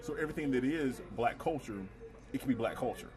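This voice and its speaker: A man's voice: medium pitch, fast talker, over music. A man co-hosting a casual chat show, talking earnestly, asking rhetorical questions and repeating words while he works out his point. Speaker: podcast co-host.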